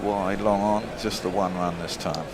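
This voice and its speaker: A man's voice: deep voice, fairly even intonation, moderate pace, noisy background. A man doing ball-by-ball cricket commentary in an enthusiastic way, trailing off at the ends of his phrases.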